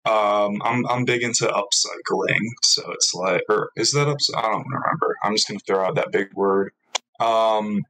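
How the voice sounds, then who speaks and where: A man's voice: fairly low pitch, a bit bright, rough recording. A young man chatting casually in an interview, rambling and self-mocking, filling gaps with ums and little laughs.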